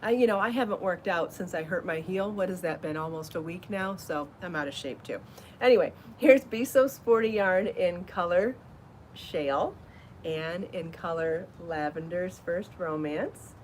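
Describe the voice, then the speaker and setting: A woman hosting a live crafting show, chatty and enthusiastic, out of breath from rushing around and trying on garments. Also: lowish voice, slight background noise. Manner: chatty and enthusiastic, laughs at herself. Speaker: podcast host showing her yarn designs. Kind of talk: casual live show chat.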